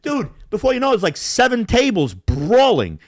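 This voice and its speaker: Man host, swearing storyteller, lively delivery, casual podcast chat. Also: very high voice, moderate pace. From Yugoslav family roots. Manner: profane, animated storyteller acting out bar scenes.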